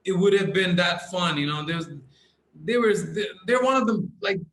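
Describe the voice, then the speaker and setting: A young man as a podcast guest, telling stories in animated casual chat and laughing often. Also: high voice, moderate pace, a little hiss or hum, rough recording. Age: young adult.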